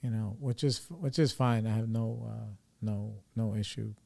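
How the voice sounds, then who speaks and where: A man's voice: on the low side, fairly even intonation, measured pace, gravelly, warm tone. A man from New York with a New York accent, hosting a recovery podcast in a casual, rambling monologue, loose and profane, full of "you know" and "like.".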